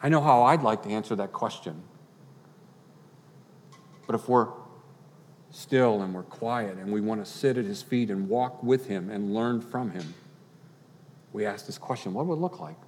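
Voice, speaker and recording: A man preaching a sermon as pastor, earnest, building to impassioned peaks and then dropping quiet. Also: lowish voice, a little slow, long pauses, slight background noise. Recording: long hall reverb.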